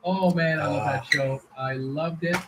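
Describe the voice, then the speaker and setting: A man's voice: a little high, steady tone, moderate pace, background noise. A man hosting a casual livestream who rambles with many fillers and restarts while reading viewer comments aloud. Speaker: livestream host.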